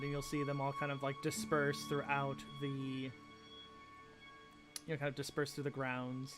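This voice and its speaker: A man's voice: mid-range voice, vocal fry. A man narrating as game master of a tabletop game in a casual, rambling way with many fillers.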